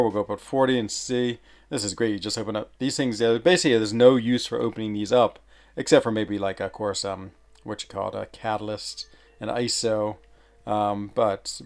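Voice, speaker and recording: A man's voice: fairly low pitch, creaky. Rambling male game streamer. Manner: rambling, many fillers and searches for words. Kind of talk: casual live-stream chat.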